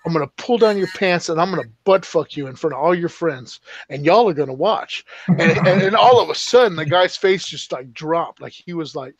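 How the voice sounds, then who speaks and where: A man's voice: fairly high pitch, lively intonation, brisk, no echo. A man co-hosting a casual live stream chat, telling profane, rambling stories with laughter. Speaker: podcast co-host. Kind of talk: casual crude storytelling chat.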